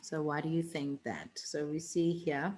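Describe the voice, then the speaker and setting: A woman's voice: low-pitched, flat delivery, measured pace, a little mellow, rough recording. A woman teaching an online revision lesson, chatty and teasing, with many fillers and restarts.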